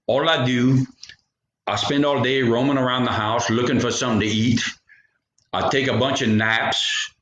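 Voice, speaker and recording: Brief: man spinning a folk tale, joking asides, mid-pitched voice, roomy echo. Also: steady tone, moderate pace, fairly bright tone. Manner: rambling, jokey asides. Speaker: storyteller. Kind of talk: folksy storytelling.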